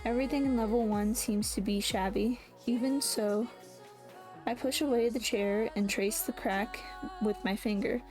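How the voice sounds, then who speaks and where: A woman's voice: a little high, steady tone, normal speed, a little mellow, soft background music. A woman reading a first-person novel aloud, often stopping to correct and restart her words. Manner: reads with frequent restarts and self-corrections. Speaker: audiobook reader.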